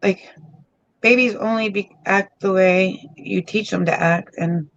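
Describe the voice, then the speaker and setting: A man's voice: high-pitched, fairly even intonation, unhurried, gravelly, a bit bright. A man chatting casually and joking easily over a remote call. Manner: easygoing, joking. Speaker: co-host on a call. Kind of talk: casual chat. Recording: dull, dry call audio.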